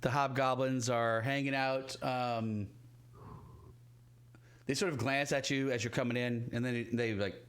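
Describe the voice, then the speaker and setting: A man's voice: medium pitch, steady tone, measured pace, pauses often, fairly bright tone. A man narrating a live tabletop game as game master, rambling with many fillers.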